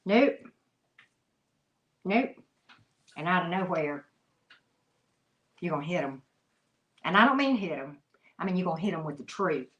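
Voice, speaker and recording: A woman giving a live tarot reading, talking emphatically and chattily to her viewers, with frequent "mm-hmm" asides. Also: deep voice. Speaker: tarot reader.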